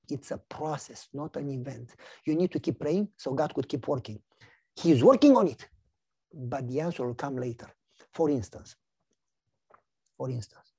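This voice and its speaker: A man preaching a sermon, telling stories with lively acted-out dialogue. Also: on the high side, slightly rough, dry recording. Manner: animated storytelling, acts out dialogue. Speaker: pastor.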